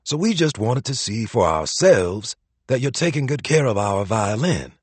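A man's voice: mid-range voice, very animated, normal speed, slightly rough, no echo. A man voicing a smug, entitled man who taunts his rival.

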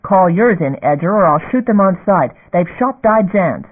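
A man's voice: high voice, lively intonation, moderate pace. A man reading the part of a tough woman starship captain, giving clipped, urgent orders. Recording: phone-like narrow band.

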